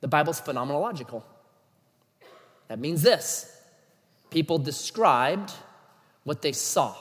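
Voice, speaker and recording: A man preaching a sermon in an animated, emphatic way, full of rhetorical questions. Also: on the high side, measured pace, long reverb tail.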